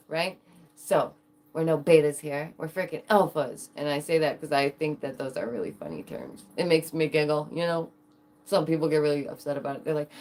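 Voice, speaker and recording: A woman streamer chatting casually to her viewers, giggling often and talking in an animated way. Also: low-pitched, moderate pace. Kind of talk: casual livestream chat.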